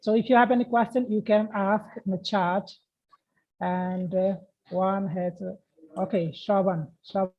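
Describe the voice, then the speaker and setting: A woman hosting a live stream, reading viewer comments haltingly with many fillers. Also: mid-range voice, fairly even intonation. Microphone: video call. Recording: dull video-call audio.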